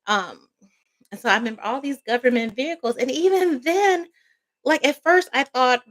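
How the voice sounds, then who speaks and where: A woman's voice: sits high, normal speed, fairly bright tone. A woman vlogger telling a personal story in a casual storytime monologue, rambling, emphatic and swearing freely.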